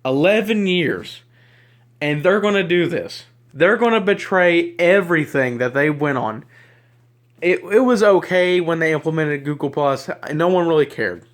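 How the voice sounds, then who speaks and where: A man's voice: on the high side, normal speed. A man with a Southern US accent ranting to camera as a YouTuber. He is upset and agitated, rambling and stammering over repeated words, recorded on a handheld camera mic.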